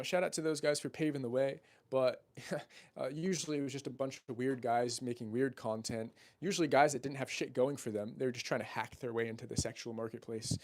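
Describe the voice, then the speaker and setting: A man's voice: medium pitch, darkish tone. A young man coaching on dating, talking in a brash, profane, salesy way straight to the camera, and now and then acting out his friends' voices. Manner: acts out friends' voices in quotes. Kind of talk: casual talking-head monologue.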